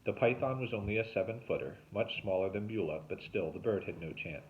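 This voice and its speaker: A man, a teacher, reading a novel aloud with expressive storytelling. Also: quick pace, slight background noise. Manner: expressive storytelling with lively pitch. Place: home, remote recording. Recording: tinny phone-like sound.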